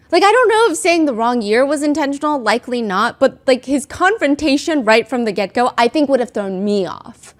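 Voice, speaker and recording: A woman's voice: high-pitched, animated, a little fast, few pauses. A woman hosting casual commentary, recapping a trial in a chatty way with many filler words and acted-out quotes.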